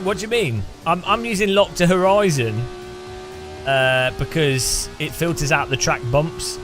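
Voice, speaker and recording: Teasing streamer. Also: male voice, fairly high pitch, measured pace, over music. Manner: teasing, joking, chatty with restarts. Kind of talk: casual gameplay commentary.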